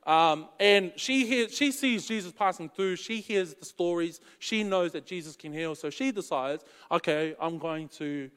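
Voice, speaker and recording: A man's voice: high-pitched, normal speed, few pauses, a bit bright, clean tone, long reverb tail. A man preaching in a casual, slangy storytelling way. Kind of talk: storytelling sermon.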